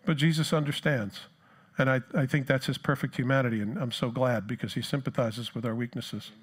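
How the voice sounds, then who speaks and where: A New Jersey pastor with a matching accent preaches conversationally and self-deprecatingly, acting out the disciples' cries. His voice is medium-pitched and steady in tone, a little fast, with a breathy edge.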